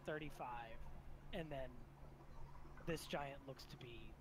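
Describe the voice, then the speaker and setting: A man's voice: medium pitch, takes it slowly. A man narrating as game master of a tabletop fantasy game, describing scenes and voicing characters with frequent restarts. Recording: noisy background hiss.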